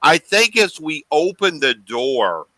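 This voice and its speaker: A man guesting on a podcast, telling animated stories in casual chat and acting out the voices he quotes. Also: fairly high pitch, takes it slowly, no echo, low-quality recording. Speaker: guest paranormal investigator.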